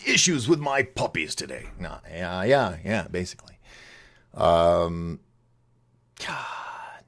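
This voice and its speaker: Giggly man with a gravelly low voice. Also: big pitch swings, slow pace, fairly bright tone. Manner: giggly, laughs often at his own jokes; rambling, restarts and trails off. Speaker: host of a call-in show. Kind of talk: casual rambling monologue.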